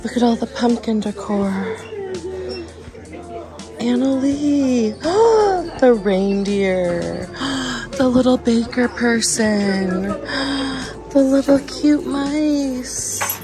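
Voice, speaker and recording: A woman chatting casually in a shopping vlog, excited and gasping as she browses a store, with music playing behind her. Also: a little high, slow. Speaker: thrift reseller vlogger.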